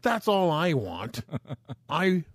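A man's voice: a little high, big pitch swings, slow, no room sound, clean studio sound. A man in his forties, co-hosting a casual podcast, telling stories with plenty of profanity and exasperation. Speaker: podcast co-host. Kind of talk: casual chat.

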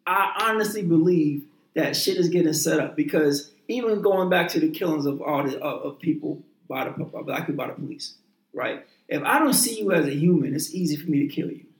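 A man's voice: a little high, animated, a little fast. A man in heated casual chat, profane and emphatic, often repeating and restarting his words. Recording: roomy echoing room.

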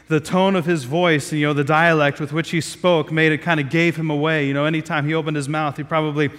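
Conversational preacher, from Southeast Ohio. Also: male voice, a little high, flat delivery, fairly quick, a bit bright, long reverb tail. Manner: conversational, with many fillers and restarts. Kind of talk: sermon. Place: outdoor square.

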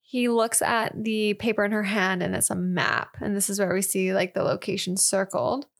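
A woman's voice: mid-range voice, level tone, normal speed, creaky. A young woman co-hosting a podcast, casually recapping an old film and admitting what confused her. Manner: easygoing, candid about her confusion, recaps the plot. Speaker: podcast co-host.

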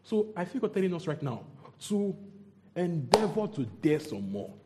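A man's voice: high-pitched, sing-song, normal speed, heavy background noise. A man preaching a sermon, repeating phrases and quizzing the congregation.

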